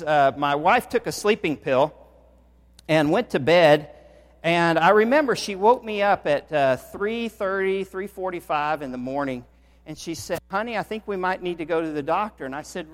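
Higher-voiced preacher in a reverberant hall. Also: male voice. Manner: animated storytelling, swells in volume for emphasis. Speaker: pastor. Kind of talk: sermon. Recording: long reverb of a large hall.

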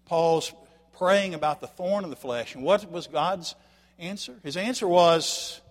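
An older man preaching a folksy sermon to his congregation, dropping to quiet asides and rising to shouted emphasis. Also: on the high side, a little slow, big-room sound. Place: church sanctuary.

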